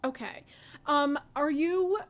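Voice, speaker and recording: A woman's voice: high voice, takes it slowly. A woman co-hosting a podcast in casual chat, sarcastic and full of "like" fillers. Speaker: podcast co-host.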